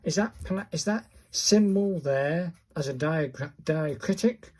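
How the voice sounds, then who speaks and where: A man's voice: fairly high pitch, a little slow, darkish tone. A middle-aged man, chatting to viewers in a casual video and growing exasperated as he works things out. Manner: chatty, exasperated, talks to viewers while searching cards. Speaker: vlogger learning calligraphy. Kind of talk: casual self-recorded tutorial.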